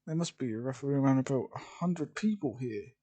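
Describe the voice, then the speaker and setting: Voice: mid-range voice, expressive, normal speed, dark tone, slightly rough. A man voicing a skeptical, mocking warrior in an amateur storytelling video, speaking dismissively. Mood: awed. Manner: scoffing, dismissive.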